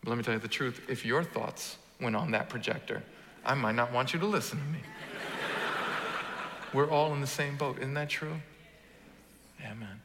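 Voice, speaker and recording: A man preaching a sermon, jumping from booming, joking lines to hushed, quiet ones as he works the crowd. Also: moderate pace, pauses often, slight background noise. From Brooklyn. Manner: animated, swings from booming to hushed, jokes with the crowd. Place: church auditorium. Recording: large reverberant hall.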